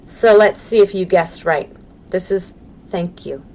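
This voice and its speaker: A woman with an American accent, a children's librarian leading a live storytime lesson, gentle and encouraging, with frequent ums. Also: on the low side, measured pace, a little hiss or hum. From United States. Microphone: webcam on a live stream.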